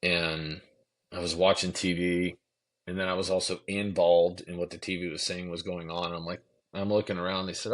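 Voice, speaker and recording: A man with a very deep, low voice tells a personal story in an easygoing, conversational way. He acts out the other people in the story and drops the odd curse word. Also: moderate pace, long pauses. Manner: animated storyteller acting out quotes, swearing casually. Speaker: podcast guest. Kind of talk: casual storytelling.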